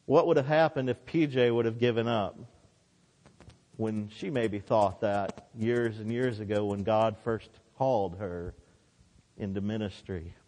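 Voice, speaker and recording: A man's voice: lowish voice, steady tone, a little slow, darkish tone, in a large hall. A man preaching a sermon with impassioned delivery, his voice rising and dropping for emphasis.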